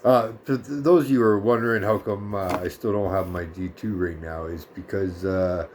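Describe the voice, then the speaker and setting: A man's voice: low-pitched, normal speed, a little mellow, a little hiss or hum. Blunt, profane man ranting in his 30s. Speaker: vlogger. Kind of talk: casual ranting story.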